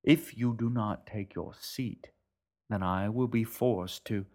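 A man voicing a tall, stern boatman who speaks in a grim, measured, formal way. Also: fairly low pitch, a little mellow.

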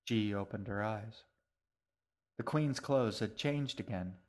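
A man narrating his own story in a calm, even way. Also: on the low side, slow. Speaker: author and narrator. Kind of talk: scripted narration.

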